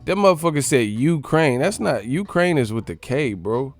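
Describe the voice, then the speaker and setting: A man's voice: medium pitch, lively intonation, normal speed. A man hosting a boxing channel live stream, ranting in casual, profane, mocking chat.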